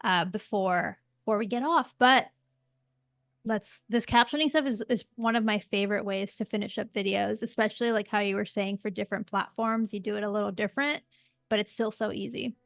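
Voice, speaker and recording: A woman's voice: mid-range voice, steady tone, a little fast, a bit bright, dry recording, studio quality. A woman hosting a live stream, upbeat and encouraging, keeping time and asking the guest questions. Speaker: livestream host.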